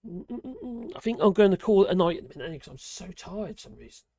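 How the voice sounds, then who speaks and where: Chatting casually on a live stream, a host from Norwich, England, reacts aloud to viewer comments in a rambling way. The voice is mid-range and dark-toned, a little fast, with lively intonation. There is no room sound.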